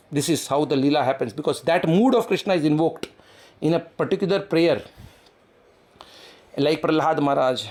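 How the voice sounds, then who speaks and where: Guy teaching about prayer, gravelly voice, kinda higher pitched, lots of uhs and little acted-out prayers. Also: a little mellow. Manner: explanatory, acts out quoted prayers, frequent fillers. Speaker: spiritual teacher. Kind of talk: devotional talk.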